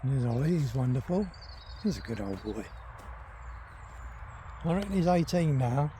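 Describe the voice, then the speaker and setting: A man's voice: mid-range voice, very animated, normal speed, warm tone, slight background noise. An older retired man, chatting casually while he walks through a forest and talks to his dog. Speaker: vlogger. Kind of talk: casual walking vlog. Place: forest, outdoors.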